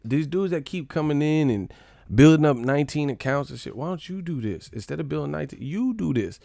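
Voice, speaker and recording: Gravelly-voiced man, loose profane banter. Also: animated, brisk, dark tone, dry recording, studio quality. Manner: profane, joking, mocking chat in silly high voices. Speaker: live stream host. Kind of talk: casual live-stream chat reading comments.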